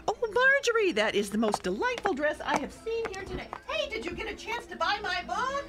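An actress playing a pushy, self-promoting town busybody in an audio drama, salesy and condescending. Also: female voice, fairly high pitch, sing-song, moderate pace, over music.

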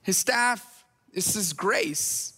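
A man's voice: high-pitched, animated, extremely slow, bright, forceful tone, breathy edge, long reverb tail. A man preaching a sermon as pastor, in a conversational style that slips into playful voices when quoting people.

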